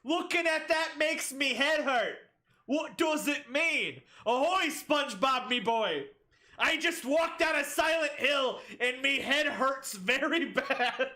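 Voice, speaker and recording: Silly pirate-talking girl, put on by a woman, bright tone, exaggerated jokey delivery. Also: high-pitched, lively intonation, takes it slowly, voice pushed up, heavily acted. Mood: goofy.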